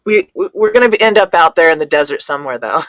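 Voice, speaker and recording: A woman speaking as a guest in a casual conversation, talking haltingly with many fillers and restarts. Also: low-pitched, expressive, no room sound. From California.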